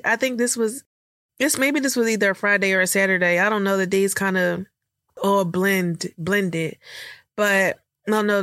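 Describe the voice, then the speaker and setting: A tearful, choked-up young woman hosts a candid personal podcast on a dry mic with no room sound. Her voice is medium-pitched and fairly bright, and she tells her story emotionally, rambling and using lots of filler words.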